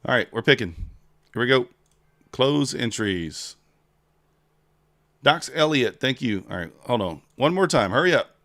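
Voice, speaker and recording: A man's voice: mid-range voice, big pitch swings, unhurried, long pauses, a bit bright, no room sound. A man hosting a casual trading livestream, chatting with viewers and counting down a giveaway.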